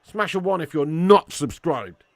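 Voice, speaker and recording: A man's voice: a little high, sing-song, unhurried, dry recording. A young man hosting a casual live watch-along, reading chat and bantering with viewers as lad and mate.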